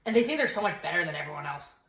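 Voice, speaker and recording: A woman's voice: low-pitched, very animated, rapid-fire, fairly bright tone. A young woman co-hosting a casual podcast, ranting in a worked-up, sarcastic way with lots of "like". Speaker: podcast co-host. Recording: roomy echo.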